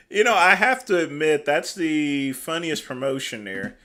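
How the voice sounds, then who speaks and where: A man with a very bright, sharp voice hosts a livestream. His commentary is casual, with dry and mocking asides, and his pitch moves about lively. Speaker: livestream host.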